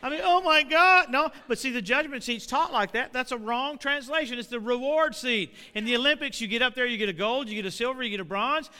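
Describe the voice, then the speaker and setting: A middle-aged man preaching a sermon, animated and building to shouts. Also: very high-pitched, quick pace, hardly any pauses, smooth. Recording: long reverb of a hall.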